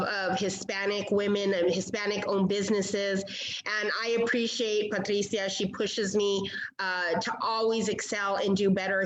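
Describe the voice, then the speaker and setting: A woman's voice: medium pitch, roomy sound, low-quality recording. Upbeat woman moderating a webinar panel. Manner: upbeat, encouraging, many fillers. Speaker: chamber of commerce moderator.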